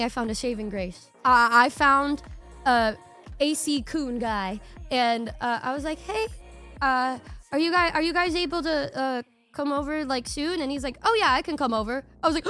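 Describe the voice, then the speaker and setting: A young woman streamer casually telling her viewers a long story, rambling and animated, swearing freely and acting out what people said. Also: sits high. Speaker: VTuber streamer.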